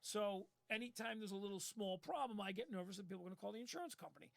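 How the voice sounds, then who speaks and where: A man's voice: sits high, expressive, very fast, vocal fry, no room sound. A man who owns a waste company, telling a rambling story in casual live-stream chat and acting out the people he quotes. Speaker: waste company owner, co-host.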